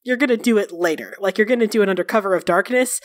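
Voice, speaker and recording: A woman narrating as game master of a tabletop role-playing game, animated and laughing often. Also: mid-range voice, fast talker, no room sound, studio quality.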